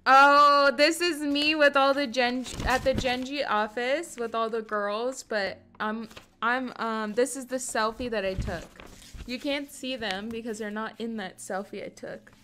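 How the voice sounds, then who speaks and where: A woman's voice: fairly high pitch, fairly even intonation, measured pace, bright, forceful tone, a little hiss or hum. A young adult woman streaming live, chatting casually with her audience in a gushing, effusive way and swearing now and then.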